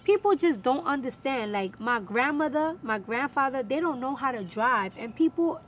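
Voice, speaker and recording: A young woman with a New York accent, chatting as an interview guest, emphatic and animated, with quick bursts of slang. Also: high-pitched, highs cut off, slight background noise. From New York City. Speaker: interview guest, recording artist. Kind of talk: casual interview chat.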